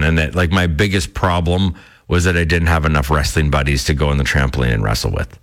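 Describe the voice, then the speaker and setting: Deep, lively radio host. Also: male voice, fast talker. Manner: animated storyteller who acts out his own quotes. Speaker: radio morning show host. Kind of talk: casual on-air monologue.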